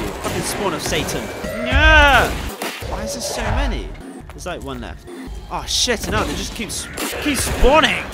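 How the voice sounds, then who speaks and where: A young man commentating his gameplay casually, excitable, often swearing and yelling at enemies. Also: high voice, moderate pace, over music. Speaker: gameplay streamer.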